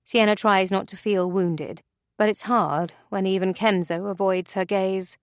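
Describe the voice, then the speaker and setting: A woman narrating an audiobook in an expressive, measured way. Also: mid-range voice, smooth, dry recording, clean studio sound.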